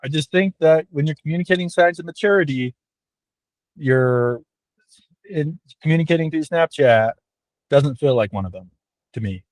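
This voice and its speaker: A man's voice: on the high side, animated, normal speed, pauses often, darkish tone, no room sound. A man in a casual panel chat over a video call, thinking aloud in a rambling, reflective way.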